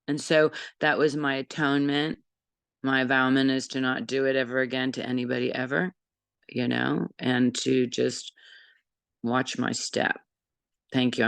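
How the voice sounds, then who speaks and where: A woman's voice: low voice, vocal fry, a bit bright, no room sound. A woman in her sixties from San Francisco giving a rambling, earnest personal testimony in a group sharing circle, with many fillers and restarts. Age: 60s.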